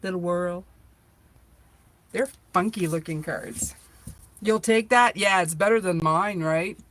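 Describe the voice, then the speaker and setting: A woman's voice: lowish voice, unhurried, fairly bright tone. A middle-aged woman hosting a live tarot reading, chatty and playful, joking with viewers as she reads the cards aloud.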